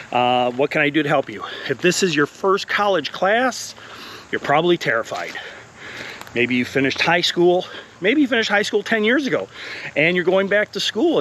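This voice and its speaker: A man's voice: a little high, a bit bright, a little hiss or hum. Slightly winded man teaching on a trail walk. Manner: earnest, encouraging, with fillers. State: a little out of breath. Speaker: college instructor. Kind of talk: walking vlog talk. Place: outdoor wooded path.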